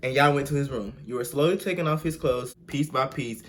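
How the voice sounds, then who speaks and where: A young man hosting a video, reading fan fiction aloud with slangy, animated, mock-outraged commentary and bursts of sing-song. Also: mid-range voice, fairly quick, a little hiss or hum. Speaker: video host.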